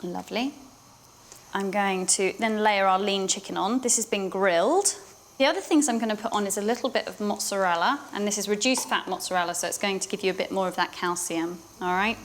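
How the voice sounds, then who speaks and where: A woman's voice: medium pitch, brisk, a little hiss or hum. A woman dietitian, explaining a diet to a patient in a friendly, reassuring way.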